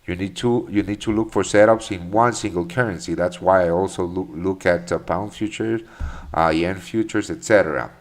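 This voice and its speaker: Here's a man whose voice sits low and moves at normal speed, running a live trading stream. His casual market commentary answers chat questions with profanity, plenty of fillers, and frequent restarts.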